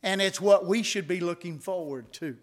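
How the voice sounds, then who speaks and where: Middle-aged man, preaching a sermon, slightly high voice, conversational, builds to emphatic peaks. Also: normal speed. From United States. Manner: conversational, asks the congregation rhetorical questions; rises to emphatic peaks on key points. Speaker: pastor.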